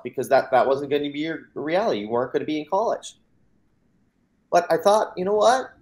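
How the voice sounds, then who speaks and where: This man's voice sits on the high side, with a darkish tone, lively intonation, and a brisk pace. He's an American mindset coach from the United States, appearing as an interview guest to recount his personal story with earnest emphasis, performing the dialogue and frequently repeating words at the start.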